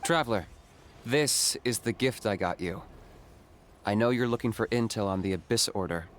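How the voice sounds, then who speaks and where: A man voicing a calm, reserved young hunter. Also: lowish voice, slight background noise, lightly acted. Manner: even, measured and matter-of-fact. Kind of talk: video game voice acting.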